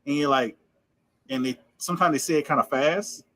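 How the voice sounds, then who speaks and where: A man co-hosting a podcast in casual chat, talking fast and running words together, laughing often. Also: a little high, fairly bright tone, no echo, poor audio. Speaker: podcast co-host.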